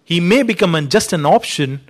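Guy preaching a sermon, kinda high voice, earnest, lots of "you know", goes up when stressing a point. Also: animated, brisk. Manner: earnest teaching, rising for emphasis, frequent "you know".

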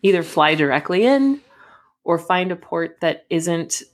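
A young woman with a slightly low voice tells a story in relaxed conversation. She is animated and slips into the voices of the people in her story. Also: unhurried. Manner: animated storyteller who acts out dialogue. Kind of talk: casual chat.

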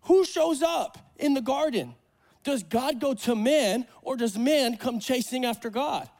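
A man preaching a sermon at a church service, animated and joking, acting out the voices in the Bible stories. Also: very high-pitched. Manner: animated, acts out Bible voices, jokes with congregation. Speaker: pastor.

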